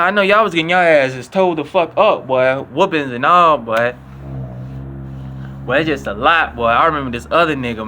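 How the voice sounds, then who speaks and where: A young man telling stories casually to his viewers, profane and animated, acting out what people said. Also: a little hiss or hum. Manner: animated, acts out quotes with higher voice; profane, repetitive slang. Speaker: vlogger. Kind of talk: casual storytelling.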